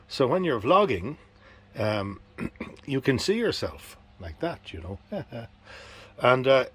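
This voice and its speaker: A man's voice: mid-range voice, breathy edge. A middle-aged man with an Irish accent, vlogging to a handheld camera in an easygoing, rambling way with plenty of fillers. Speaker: travel vlogger. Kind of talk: casual chat to camera. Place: outdoors on a busy street. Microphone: handheld action camera. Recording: outdoor street noise behind.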